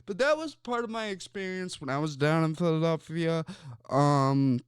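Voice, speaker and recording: A man's voice: a little high, expressive, normal speed, clear, resonant tone, no echo, clean studio sound. A man with a Chicago accent hosting a sports talk show, rambling loosely with plenty of fillers and asides. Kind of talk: casual sports commentary chat.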